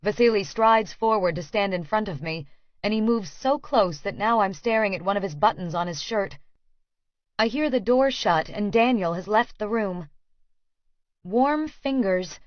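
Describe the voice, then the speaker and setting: A woman narrates a first-person audiobook in a measured, earnest way, at a middle pitch. The recording is dry and close, with a slightly dull tone. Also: no room sound.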